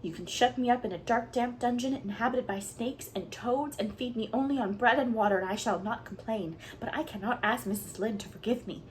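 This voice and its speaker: Woman reader voicing an excitable orphan girl, high and melodramatic, storybook reading. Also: brisk, few pauses, a little hiss or hum, natural voice. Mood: defiant. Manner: impassioned, pleading, melodramatic.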